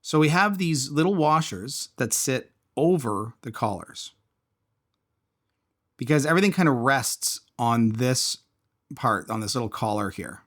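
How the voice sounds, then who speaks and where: A man's voice: medium pitch, animated, measured pace, a bit bright. A man casually reviewing and taking apart a small fidget toy, thinking aloud as he tinkers. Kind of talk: casual product teardown.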